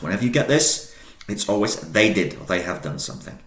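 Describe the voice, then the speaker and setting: A deep-voiced man teaches a video lesson in an echoey room. He chants the drill forms out loud, then drops into a low, easygoing explanation with plenty of ums. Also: animated, quick pace. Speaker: Latin teacher.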